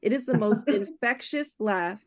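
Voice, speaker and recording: A woman on a podcast, a festival programmer, telling stories in a lively chat and acting out what people said. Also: mid-range voice, measured pace, crowd noise. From Canada. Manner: animated storyteller, acts out quotes.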